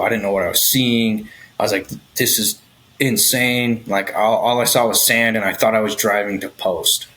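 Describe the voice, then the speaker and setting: A man with a low, forceful, bright voice shares his life story as a podcast guest. He talks frankly and casually, with plenty of swearing. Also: slight background noise, poor audio. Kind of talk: candid personal storytelling.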